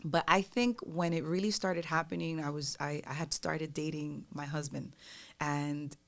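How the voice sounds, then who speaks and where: A woman, a singer guest on a podcast, telling stories in a casual, animated and profane way, acting out the voices of others. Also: sits low, unhurried. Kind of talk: casual storytelling chat.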